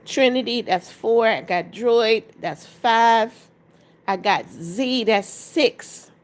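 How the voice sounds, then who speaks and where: Woman, livestream host, fairly high voice, casual chat, greets viewers by name, urges likes. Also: slow. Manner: greets viewers by name and reads their comments aloud; coaxing, keeps urging viewers to tap likes.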